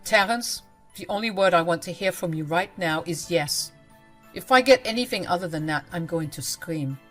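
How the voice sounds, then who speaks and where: A betrayed wife bent on revenge, voiced by a woman. Her lowish voice is cold, cutting and defiant. Faint music runs behind this dramatic spoken story. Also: normal speed, natural voice.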